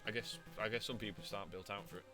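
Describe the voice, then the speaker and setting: A man's voice: on the low side, fairly even intonation, racing, over music. A man streaming a courtroom video game, reading lines aloud and joking around in casual commentary. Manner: reads game dialogue aloud and jokes. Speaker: VTuber streamer. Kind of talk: casual let's-play commentary.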